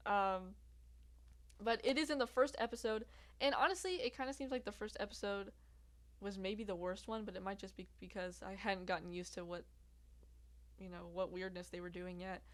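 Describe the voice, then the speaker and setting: A young woman reviewing a TV series in casual chat, laughing often and talking in loose asides full of fillers. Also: mid-range voice. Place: outdoors in bright sunlight.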